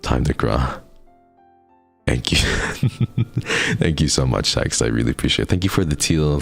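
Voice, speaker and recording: A man's voice: extremely low pitch, creaky. A man streaming live in casual chat, talking to his viewers in an affectionate, encouraging pep-talk way. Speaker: livestreamer.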